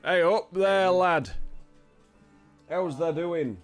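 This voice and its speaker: A man's voice: sits high, extremely slow, faint music behind, voice pushed up. A man doing a Yorkshire innkeeper. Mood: welcoming. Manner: hearty and folksy. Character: gruff northern male innkeeper, cagey and embarrassed.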